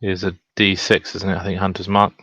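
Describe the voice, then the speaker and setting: A man's voice: deep voice, level tone, fairly quick, bright, forceful tone, slightly rough. A man playing a tabletop game online, talking casually and thinking aloud over his moves. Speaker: player. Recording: dry, dull home mic.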